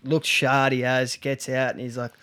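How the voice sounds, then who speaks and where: A man's voice: medium pitch, completely flat delivery, moderate pace, fairly bright tone. A young Australian man tells a story in loose, casual chat, swearing freely as he goes. His voice sits mid-range and conversational. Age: young adult. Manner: swears freely, laughs while telling stories. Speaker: podcast co-host.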